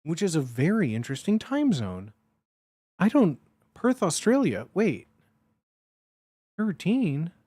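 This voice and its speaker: This is a young man chatting on his livestream in a relaxed, rambling way. He keeps getting excited and swears freely. His voice sits fairly high, and the sound is dry and close to the mic. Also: takes it slowly, pauses often, breathy edge, dry recording. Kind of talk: casual stream chat.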